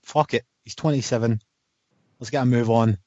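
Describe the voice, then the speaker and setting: A man's voice: medium pitch, steady tone, moderate pace, darkish tone, no echo, highs cut off. A man co-hosting a casual podcast chat, enthusiastic and swearing freely, often trailing off mid-sentence. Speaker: podcast co-host. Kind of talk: casual chat about boxing.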